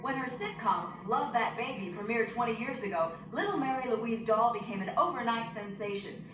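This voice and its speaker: An actress voicing a brisk television news presenter in a cartoon, reading a report quickly. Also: female voice, a little high, close to an everyday voice. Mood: announcing. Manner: quick, announcing delivery. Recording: dull, echoey TV clip from far off, music.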